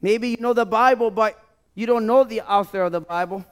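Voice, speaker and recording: A man's voice: high voice, a little fast, clear, resonant tone. A man pastor preaching a sermon and leading an altar call to a church, pleading and repeating his phrases with rising and falling intensity. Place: church sanctuary.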